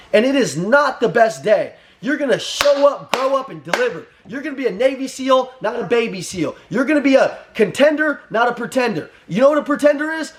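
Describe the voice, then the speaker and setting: A young man giving a blunt, profane motivational pep talk as a sales trainer, firing off short repeated commands. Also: very high-pitched.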